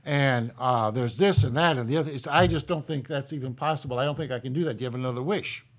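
A man's voice: medium pitch, quick pace, close to an everyday voice. A man telling of a weary old-world genie. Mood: resigned. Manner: rambling, resigned. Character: weary middle-aged male genie.

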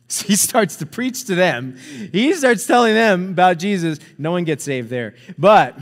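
A pastor with a high-sitting, expressive voice preaches at a measured pace, retelling a story casually with frequent chuckles and asides. He keeps it conversational, checking in with "right?", and the recording carries the long reverb of a hall.

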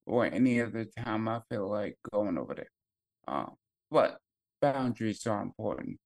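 A man's voice: fairly low pitch, lively intonation, moderate pace, creaky. A young adult man, a podcast co-host, telling a family story in casual chat with many fillers and some swearing.

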